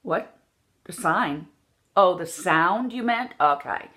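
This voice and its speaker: A woman's voice: fairly low pitch, animated, slow, pushed and bright. A woman teaching an accent lesson as a dialect coach, demonstrating sounds and repeating words to drill them.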